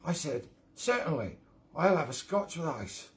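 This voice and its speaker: Guy doing a loud cheeky cockney joker voice, pitched up, bouncy, accent wobbling toward aussie. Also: big pitch swings, measured pace. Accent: attempted London Cockney, slipping toward Australian. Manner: exaggerated, bouncy joke delivery. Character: cheeky brash male London comic joker.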